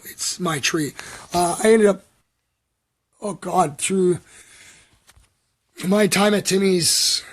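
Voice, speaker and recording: This Canadian vlogger, a middle-aged man, speaks a little high with a slightly rough edge. He chats loosely on his livestream, confessing things and drifting into fillers and side remarks for his audience.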